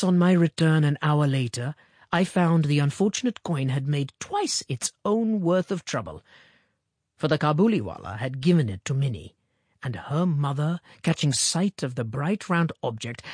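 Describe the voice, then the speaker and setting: A woman narrating a classic short story in a measured, expressive storytelling manner, as an audiobook reader. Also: sits low, breathy edge, no room sound, clean studio sound.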